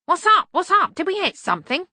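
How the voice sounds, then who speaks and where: A woman voicing a cranky, fretful old male servant who complains in a high squawk. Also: sing-song, brisk, bright, forceful tone, no echo, clean studio sound, heavily acted.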